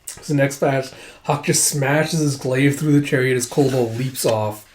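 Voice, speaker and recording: A man's voice: mid-range voice, unhurried. A man casually recapping a story, acting out the lines with lots of "he's like.". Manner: animated, acts out quotes, frequent "he's like". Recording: roomy echo.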